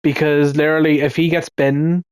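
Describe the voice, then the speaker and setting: A man's voice: fairly high pitch, level tone, fairly quick, smooth, dry recording. A man giving casual, ranting commentary in a rambling way, swearing often and restarting his sentences. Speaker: video commentator.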